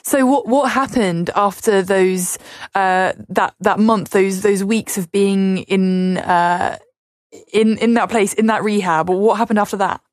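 A woman's voice: mid-range voice, steady tone, a little slow, no room sound. Encouraging woman host, dry close sound. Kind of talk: faith interview chat.

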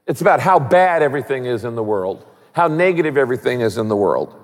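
A man preaching a sermon as a pastor, conversational and animated, with humor. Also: mid-range voice, fast, in a large hall.

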